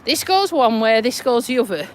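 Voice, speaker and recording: Lively high-voiced Yorkshire-accented woman. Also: normal speed, a little hiss or hum. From Lincolnshire, England. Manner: blunt, chatty, mild swearing. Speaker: vlogger. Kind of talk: casual walking vlog. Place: outdoors walking a dog by a road.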